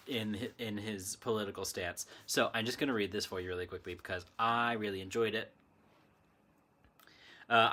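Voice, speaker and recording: A man's voice: on the low side, bright, forceful tone. A man hosting a casual spiritual chat from his desk at home, meandering and correcting himself as he talks. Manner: meandering, self-correcting, chatty. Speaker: channel host. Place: home desk with computer and lamp.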